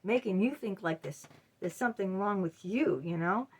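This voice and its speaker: A woman's voice: medium pitch, normal speed, breathy edge. A middle-aged woman talking straight to her viewers in a casual advice monologue, blunt and emphatic. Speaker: vlogger.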